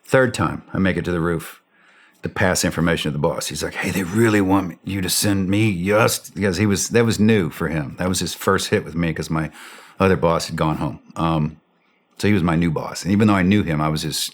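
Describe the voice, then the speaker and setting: Very deep-voiced man telling a war story. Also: a little fast. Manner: vivid storytelling, acts out shouted radio calls; blunt, swears freely. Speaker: interview guest.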